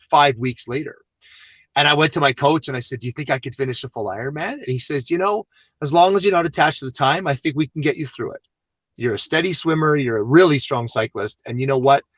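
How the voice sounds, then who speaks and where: A man, a guest on an interview show, telling a long personal story in a casual, animated and self-deprecating way. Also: mid-range voice, a little fast, no echo.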